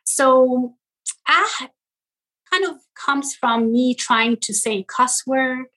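Woman guest with a Persian accent, husky and bright, lively chat. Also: sits high, drawn-out words, low-quality recording. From Iran. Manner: animated, laughs often, searches for words. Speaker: guest, content creator. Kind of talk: casual interview chat.

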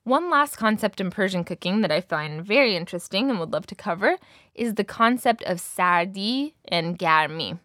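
A young woman teaching a language lesson, clearly modelling words slowly for her student to repeat. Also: mid-range voice, lively intonation, sharp tone, no room sound, studio quality.

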